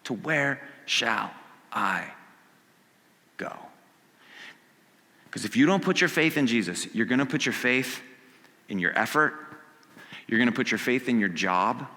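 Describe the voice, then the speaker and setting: A man preaching a casual, conversational sermon. He acts out quotes and swings from hushed to loud. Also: medium pitch, animated, normal speed, big-room sound. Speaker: pastor. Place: church sanctuary.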